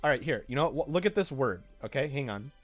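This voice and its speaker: A man's voice: medium pitch, animated, fast talker, dry recording, soft background music. A man streaming a game and chatting casually, breaking into heated, swearing rants. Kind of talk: casual gameplay commentary.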